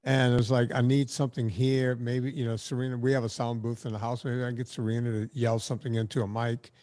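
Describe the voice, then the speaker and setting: A man's voice: mid-range voice, level tone, quick pace, a little mellow. A man talking as a filmmaker and podcaster guest, telling stories in a chatty, blunt way with casual swearing. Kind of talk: casual storytelling interview.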